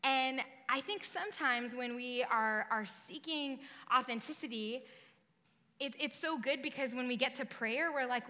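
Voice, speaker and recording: Bright-voiced woman preaching in an echoing hall. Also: high-pitched, unhurried. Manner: conversational and emphatic, rising to bursts of intensity. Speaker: pastor. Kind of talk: sermon. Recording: long reverb of a large hall.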